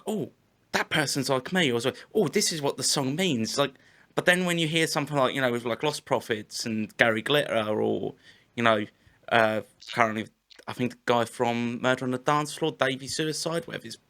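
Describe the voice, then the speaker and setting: A man's voice: mid-range voice, bright, forceful tone. A man who plays in a band, a podcast guest in casual chat who rambles, swears freely and corrects himself.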